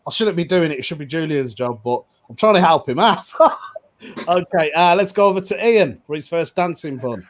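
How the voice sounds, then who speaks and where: A man with a high-pitched voice hosts a casual online pun contest. He is cheery and giggly, calling on each contestant in turn and reacting to their jokes. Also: expressive, moderate pace. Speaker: host. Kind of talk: casual online comedy show.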